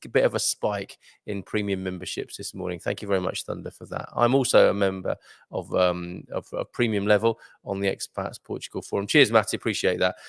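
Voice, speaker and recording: A man's voice: lowish voice, vocal fry, dry recording, studio quality. A man hosting a live breakfast show, chatting casually and jokingly as he reads out viewer comments with many ums and uhs. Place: live broadcast from a resort venue.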